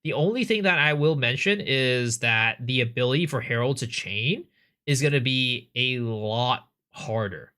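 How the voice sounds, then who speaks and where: A man's voice: mid-range voice, animated, a little slow, sharp tone. A man streaming live, chatting casually and thinking aloud as he answers viewer questions, with frequent restarts.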